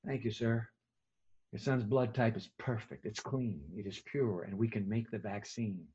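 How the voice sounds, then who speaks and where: A man doing a grave, hushed old doctor. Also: fairly even intonation, moderate pace, slightly rough, lo-fi sound. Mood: solemn. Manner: low, hushed, solemn pleading. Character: grave gray-haired old male doctor.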